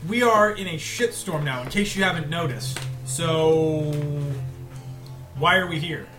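A man's voice: on the high side, a little slow, music in the background, natural voice. A man playing a sarcastic, impatient young man who snaps out demands in a tabletop game. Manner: sarcastic, then shouting demands. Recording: roomy echo.

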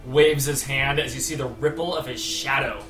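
A man narrating scenes in a tabletop game, rambling and filling pauses with filler words. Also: medium pitch, steady tone. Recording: echoey room with loud music.

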